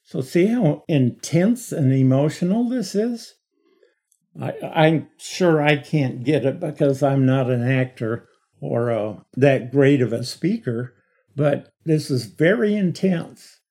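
With a slightly high, mellow voice, a middle-aged man leads a Bible study lecture in an animated manner. He takes his explanations slowly, stressing important words by repeating them emphatically.

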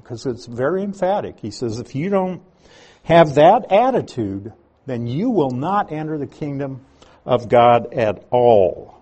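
A man's voice: mid-range voice, dark tone, slightly rough. A man as pastor, teaching an evening Bible study sermon in a conversational way with frequent asides.

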